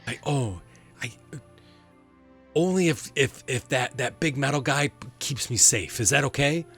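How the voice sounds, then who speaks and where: A man doing a squeaky, stammering eight-year-old boy. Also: unhurried, husky, faint music behind, full character voice. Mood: eager. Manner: stammering, gushing, breathless excitement.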